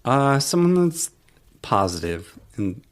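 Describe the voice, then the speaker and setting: A man's voice: mid-range voice, big pitch swings, slow. A man co-hosting a casual family chat, teasing and playful as he leads the game. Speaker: podcast co-host, father.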